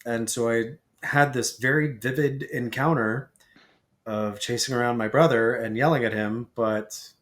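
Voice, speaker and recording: A man chatting as a podcast guest, telling a story in a lively way and acting out the lines of the people in it. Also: mid-range voice, a little slow. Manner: animated storyteller who acts out quoted lines.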